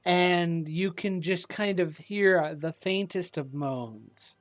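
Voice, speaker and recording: A woman narrating as game master of a tabletop game, describing scenes in a measured way. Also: no room sound. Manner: measured, descriptive, lively pitch.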